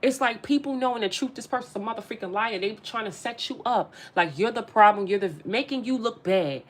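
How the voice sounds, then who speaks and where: Brisk and fairly high-pitched, a woman delivers a casual tarot reading with a spiritual bent, addressing viewers head-on and emphatically repeating herself.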